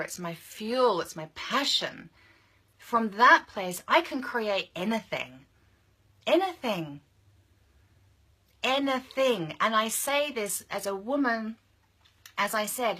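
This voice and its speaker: A woman's voice: medium pitch, sharp tone. A young adult woman coaching other women in a passionate, emphatic motivational monologue, repeating phrases for force.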